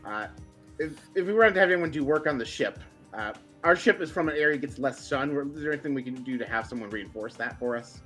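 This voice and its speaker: A man's voice: mid-range voice, expressive, fast talker, fairly bright tone, faint music behind. A man playing a tabletop game, speaking politely and partly in character. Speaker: player.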